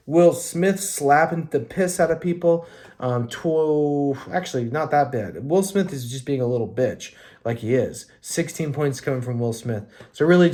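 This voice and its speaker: A man's voice: medium pitch, mellow. A young man hosting a casual fantasy hockey recap podcast, loose and profane, rambling through scores and breaking into mock rants.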